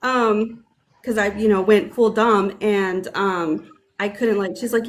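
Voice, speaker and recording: A woman author telling an animated story in casual chat on a video call, swearing freely. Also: mid-range voice, measured pace, slight background noise. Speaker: author, interview guest.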